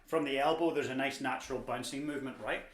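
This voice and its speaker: Speaking quickly with a steady tone at medium pitch, a young man teaches drums. He's chatty, encouraging and prone to the odd dad joke. Background noise is clear and the room is echoey.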